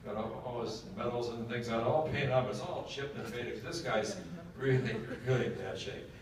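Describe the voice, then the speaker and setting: A man's voice: mid-range voice, normal speed, a crowd in the background. Folksy man telling a joke in a hall. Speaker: speaker at a military education session. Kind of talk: storytelling lecture. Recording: echoey hall from far off.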